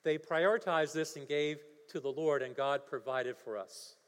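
A man's voice: fairly high pitch, normal speed. A male pastor preaching a sermon, telling a story and building to emphatic preaching. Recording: long hall reverb.

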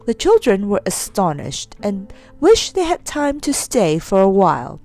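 A woman reading a classic children's storybook aloud, expressive and animated. Her voice sits in a middle register and swings through a lively, melodic range. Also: medium pitch, unhurried, faint music behind.

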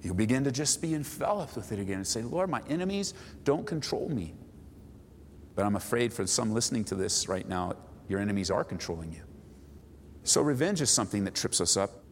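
A man preaching a sermon as a pastor, building to high, emphatic pleas. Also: animated, fast. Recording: long hall reverb, faint background noise.

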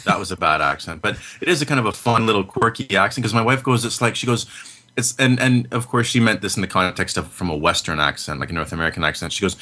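A man's voice: on the low side, animated, fast talker, sharp tone. A middle-aged man co-hosting a film podcast, talking casually with many fillers and restarts. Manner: rambling, lots of fillers and restarts. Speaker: podcast co-host.

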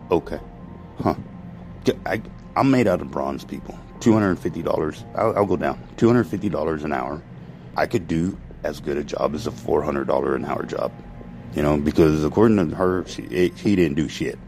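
Man, very deep voice, fry, profane rambling vlog rant. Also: moderate pace, darkish tone, soft background music, poor audio. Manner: profane, ranting, self-interrupting. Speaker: vlogger. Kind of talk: rambling monologue to followers.

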